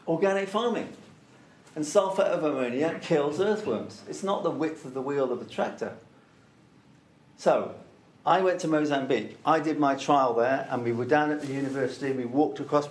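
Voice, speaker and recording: A man talks through anecdotes with firm emphasis, circling back to repeat his main points. His voice sits at an ordinary middle pitch. The room around him gives off a noticeable echo. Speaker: interviewee, organic soil product promoter. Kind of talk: anecdotal storytelling in conversation.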